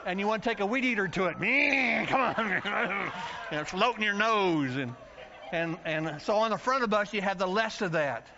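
A man from the United States preaching a story-filled sermon, acting out voices and yelling for comic effect. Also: high voice, fairly quick, noisy background. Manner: animated, acts out voices and yells for comic effect. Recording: dull lo-fi sound.

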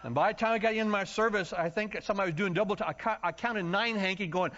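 Folksy preacher, slightly high voice. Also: male voice, fast. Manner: storytelling, folksy and animated, acts out shouting congregants. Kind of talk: sermon. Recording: muffled low-fidelity sound.

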